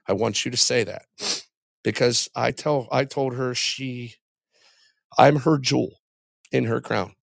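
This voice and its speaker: Gravelly middle-aged man giving testimony. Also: mid-range voice, fairly even intonation, no room sound. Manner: halting and heartfelt, with frequent pauses and restarts. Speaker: podcast guest. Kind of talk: personal faith testimony.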